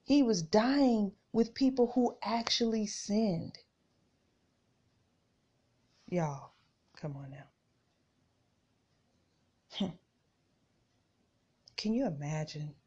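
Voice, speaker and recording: A woman's voice: medium pitch, takes it slowly, long pauses, warm tone, breathy edge. A woman hosting a podcast, reading scripture and talking casually to her listeners, repeating phrases for emphasis. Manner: chatty, addresses listeners as "y'all". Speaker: podcast host. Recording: dull lo-fi recording.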